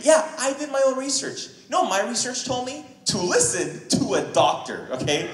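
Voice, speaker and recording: A man performing stand-up in a club, his voice sitting high and leaping all over the place as he acts out characters. The room rings with echo around his microphone. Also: a little fast, few pauses. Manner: animated, acts out characters with wild pitch jumps and high squeals. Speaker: stand-up comedian. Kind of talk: stand-up comedy set. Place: comedy club stage, live audience laughing.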